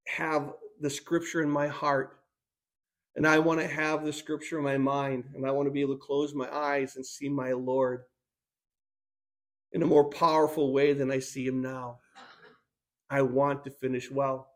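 A man's voice: fairly high pitch, a little mellow. A male pastor preaching a sermon in an earnest, emphatic way, repeating key phrases, his voice strained by sickness. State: sick, strained voice.

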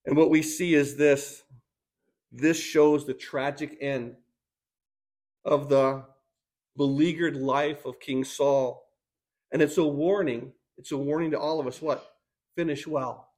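Male pastor, sermon, sick strained voice, earnest, emphatic, fairly high pitch. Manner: earnest, emphatic, repeats key phrases.

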